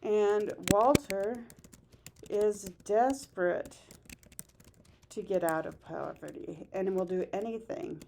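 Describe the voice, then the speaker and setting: A woman's voice: mid-range voice, animated, slow pace, gravelly, a little mellow, slight background noise. A woman teaching a class about a play, asking her students questions and then answering them herself, sometimes raising her voice to act out quoted lines. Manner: acts out quoted lines in a raised voice.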